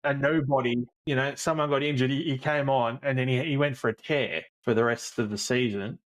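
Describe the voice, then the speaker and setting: A man's voice: medium pitch, fairly even intonation, brisk. A man co-hosting a podcast in casual chat, easygoing and explaining at length. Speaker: podcast co-host.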